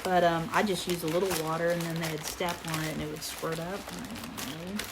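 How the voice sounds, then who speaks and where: A woman's voice: on the low side, steady tone, a little fast. Woman, middle-aged, chatty home vlogger, rambles with fillers, faint room hiss behind. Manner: talking quietly at times. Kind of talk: casual haul video chat.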